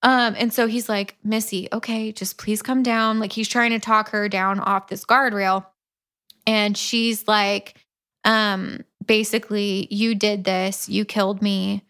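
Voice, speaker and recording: A woman's voice: medium pitch, level tone, measured pace, fairly bright tone, clear, resonant tone. A woman co-hosting a podcast, retelling a story in casual chat with lots of laughter and swearing. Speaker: podcast co-host. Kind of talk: casual book review chat.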